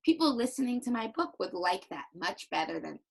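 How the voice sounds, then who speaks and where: A young woman teacher giving a recorded reading lesson to young children, with exaggerated, animated demonstrations. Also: medium pitch, brisk, gravelly, breathy edge, rough recording.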